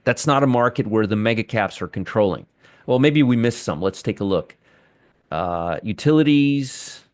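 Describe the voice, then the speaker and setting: A man with a medium-pitched voice runs a live trading room, commenting on the market with heavy sarcasm toward his viewers and chat. He restarts and trails off as he works his screens. The recording is studio quality with no echo.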